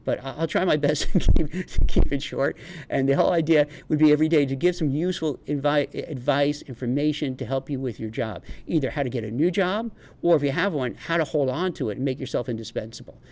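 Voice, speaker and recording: A chatty middle-aged man with a New York accent and a slightly high voice. He rambles freely, restarting sentences as he talks straight to camera in a homemade vlog. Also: a little fast, darkish tone, a little hiss or hum. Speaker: career advice vlogger and recruiter. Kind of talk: casual homemade vlog monologue.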